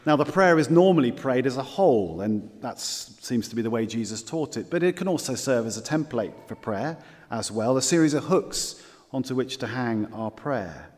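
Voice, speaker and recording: A man preaching a sermon, earnest, dropping his voice low on key words. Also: expressive, normal speed. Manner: earnest, varies loudness for emphasis, drops low on key words. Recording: long reverb of a large hall.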